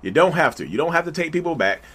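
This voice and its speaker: A man hosting his own channel, talking straight to his viewers in a casual, animated way that often gets loud and hyped. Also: on the high side, fast, slightly rough. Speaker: YouTube channel host. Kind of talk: casual direct-to-camera talk.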